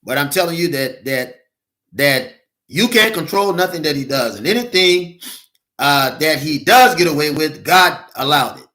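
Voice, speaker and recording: A man's voice: fairly high pitch, lively intonation, sharp tone. A man preaching a sermon as a minister, repeating rhetorical questions to his listeners. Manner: reads scripture slowly and deliberately.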